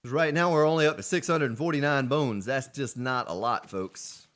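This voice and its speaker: A man's voice: mid-range voice, normal speed, a bit bright, a little hiss or hum. A man streaming a survival game, chatting casually with viewers and greeting them by name. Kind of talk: casual gameplay commentary.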